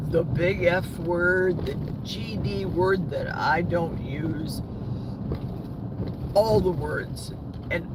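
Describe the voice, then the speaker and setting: A talkative American woman in her sixties rambles to her live-stream viewers from a parked car. She speaks slowly, and her pitch swings lively from high to low. Clear car noise hums underneath, picked up by her phone. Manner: chatty, rambling, talks back to viewer comments. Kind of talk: casual live-stream chat. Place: parked vehicle. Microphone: phone held in the car. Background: vehicle noise.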